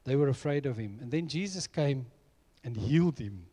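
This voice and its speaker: A man's voice: medium pitch, animated, moderate pace, dark tone, breathy edge. A middle-aged man preaching a sermon, telling personal stories in an earnest way. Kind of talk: sermon with storytelling.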